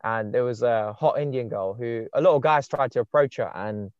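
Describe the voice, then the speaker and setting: A man's voice: mid-range voice, moderate pace, darkish tone, dry recording. A young man telling laid-back stories on a casual podcast, full of fillers. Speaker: podcast host and dating coach. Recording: dull muffled podcast sound.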